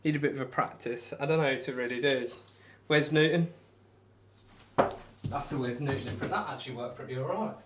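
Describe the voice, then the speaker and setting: A man's voice: medium pitch, fairly quick, a bit bright, slight background noise. Chatty young man streaming darts. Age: young adult. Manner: rambling, self-deprecating, reads out and answers chat. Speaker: darts livestreamer. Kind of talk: casual live-stream chat while throwing darts.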